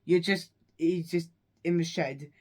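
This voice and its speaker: A man's voice: fairly high pitch, steady tone, measured pace, darkish tone. A man casually recapping a film's plot in a rambling, meandering way, often correcting himself. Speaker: movie reviewer.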